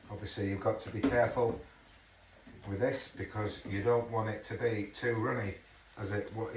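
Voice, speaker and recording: A middle-aged man chatting casually as he cooks at home, swearing under his breath now and then. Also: on the low side. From England. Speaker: home cook. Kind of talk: casual cooking vlog chat. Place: home kitchen. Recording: echoey kitchen, far from mic, noisy.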